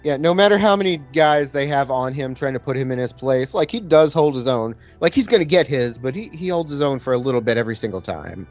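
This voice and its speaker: A man's voice: mid-range voice, animated, fast talker, hardly any pauses, soft background music. A man co-hosting a movie podcast, easygoing and chatty. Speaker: podcast co-host. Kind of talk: casual movie chat.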